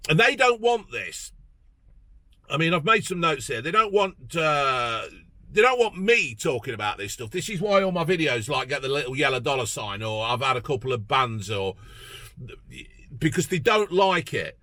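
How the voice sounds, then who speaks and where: A man's voice: on the high side, sing-song, normal speed, pushed and bright, dry recording. A man from England, ranting bluntly and profanely about politics in a casual vlog. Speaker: political vlogger.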